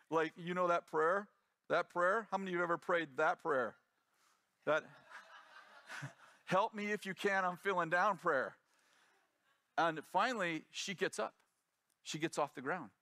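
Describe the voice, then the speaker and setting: A man's voice: a little high, bright, forceful tone, no echo, clean studio sound. A middle-aged man preaching as a pastor, telling a story with animation and acting out the voices of the people in it. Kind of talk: sermon storytelling.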